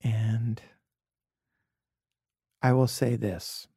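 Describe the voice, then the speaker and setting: A man from Brooklyn, a podcast guest, telling reflective personal stories in an earnest, heartfelt way, sometimes dropping to a soft near-whisper. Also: medium pitch, steady tone, very slow, vocal fry, breathy edge, no echo, clean studio sound. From Brooklyn, USA. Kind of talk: earnest conversational storytelling.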